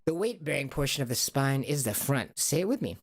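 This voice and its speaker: A man's voice: mid-range voice, sing-song, brisk. A man hosting a stream, coaching body awareness in a playful, repetitive call-and-response style. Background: music.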